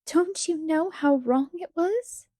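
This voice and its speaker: A woman voicing a gentle, imaginative young schoolteacher who speaks sorrowfully and earnestly. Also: very high-pitched, slow, dry recording, clean studio sound, pitched above the performer's own voice. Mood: tearful.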